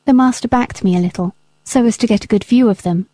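A woman reading a classic novel aloud as an audiobook narrator, with calm, even storytelling. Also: a little high, fast, no echo. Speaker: audiobook reader. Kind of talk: scripted narration.

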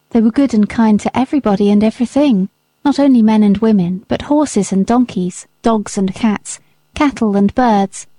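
A woman narrates a classic novel with calm, even storytelling. Her voice is mellow and soft-edged. The recording is dry, with no room sound. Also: mid-range voice, no echo. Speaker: audiobook reader. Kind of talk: scripted narration.

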